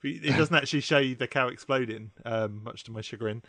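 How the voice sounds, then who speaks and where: A man's voice: medium pitch, a little fast, bright, forceful tone, no echo. A man co-hosting a casual podcast, presenting a story and laughing often as he tells it. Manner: giggly, keeps laughing while telling.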